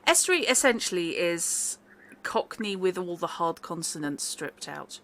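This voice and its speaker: A woman's voice: on the low side, big pitch swings, unhurried, fairly bright tone, slight background noise. A woman from England narrating and explaining as game master of a tabletop horror game, in chatty explanations.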